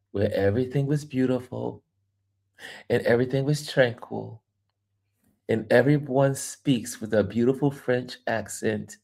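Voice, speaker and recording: A travel vlogger tells a story in an unhurried, drawn-out way. He is lively and playful, laughing often and repeating words for emphasis. His voice sits at an ordinary middle pitch. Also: vocal fry. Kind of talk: casual storytelling monologue.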